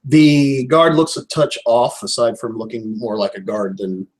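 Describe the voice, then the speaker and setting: A man narrating as game master of a tabletop role-playing game, describing scenes in a measured, descriptive way. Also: medium pitch, steady tone, rough recording.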